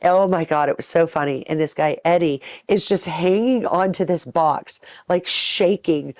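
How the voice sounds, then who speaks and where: A woman in her thirties co-hosting a podcast, telling stories in a lively, profane way and acting out what people said. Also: fairly low pitch, normal speed, dry recording, studio quality. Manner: animated, profane, acts out quotes. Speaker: podcast co-host. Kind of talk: casual storytelling chat.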